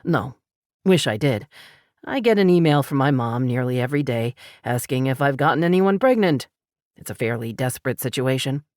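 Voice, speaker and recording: A woman narrating an audiobook voices a gentle, wry adult man who listens calmly, dropping her voice low and speaking softly. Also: normal speed, no echo, studio quality. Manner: soft-spoken, lowered voice. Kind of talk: audiobook character voice.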